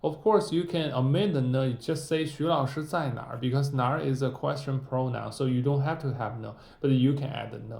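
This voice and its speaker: A man teaching Mandarin in short lessons, repeating each sound slowly to demonstrate pronunciation. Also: mid-range voice, gravelly, a little mellow, echoey room. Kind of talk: short-form language lesson.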